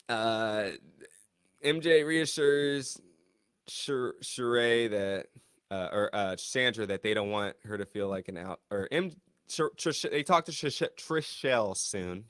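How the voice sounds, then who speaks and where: A man's voice: a little slow, clean tone, dry recording, studio quality. Chatty man recapping a reality show. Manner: animated, mimics cast members in high voices. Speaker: show reviewer. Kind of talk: casual recap commentary.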